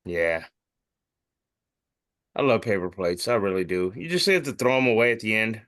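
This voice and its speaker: Guy reading memes on a podcast, bright sharp voice, cussing and joking around. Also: on the low side, normal speed. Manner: joking, swears freely, reads captions aloud. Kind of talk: casual comedic banter.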